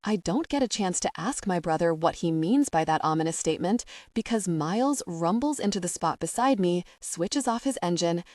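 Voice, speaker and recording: A woman's voice: fairly low pitch, expressive, moderate pace, few pauses, darkish tone, no echo, clean studio sound. Woman narrating a romance audiobook.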